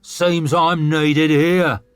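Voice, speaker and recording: A man's voice: fairly high pitch, level tone, extremely slow, a bit bright, smooth, dry recording, pitched above the performer's own voice. A man voicing a stormy, foul-mouthed male warrior who snarls and splutters his contempt. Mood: scornful.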